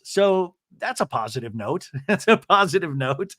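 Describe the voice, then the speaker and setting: A man hosting a podcast, recapping a reality show in casual, animated chat with jokey asides. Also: sits high, moderate pace, dry recording, clean studio sound. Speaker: podcast host.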